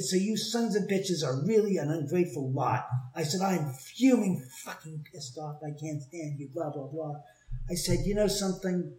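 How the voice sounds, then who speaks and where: A man telling a long story in casual conversation, heated, profane and animated. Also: fairly high pitch. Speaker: storyteller, homeowner with a haunted house. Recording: roomy echo.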